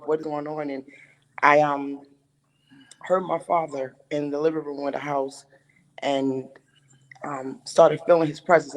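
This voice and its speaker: A middle-aged woman is interviewed about founding her management company. She tells the story in an emotional, animated way, acting out other people's lines as she goes. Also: low voice, poor audio. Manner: emotional, animated, acts out quotes.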